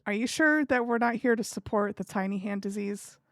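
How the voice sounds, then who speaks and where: A woman live streamer chatting casually with her viewers in an animated, giggly way. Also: medium pitch, fairly quick, dry recording, clean studio sound.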